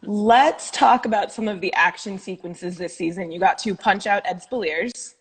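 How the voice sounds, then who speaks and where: A woman's voice: medium pitch, normal speed, slight background noise. A woman interviewing over a video call, asking light, teasing questions. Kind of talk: casual chat.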